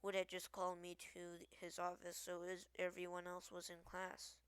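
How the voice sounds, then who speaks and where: A woman voicing a careful, gently questioning teenage girl in a storybook reading, in her own low, even voice. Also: moderate pace, smooth, no echo, natural voice.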